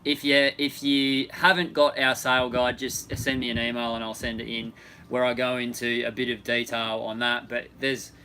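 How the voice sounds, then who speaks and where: A man's voice: medium pitch, level tone, normal speed, pushed and bright, slight background noise, low-quality recording. An Australian man co-hosting a casual live question-and-answer chat, joking and rambling with frequent restarts. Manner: joking, rambling, self-interrupting. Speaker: co-host.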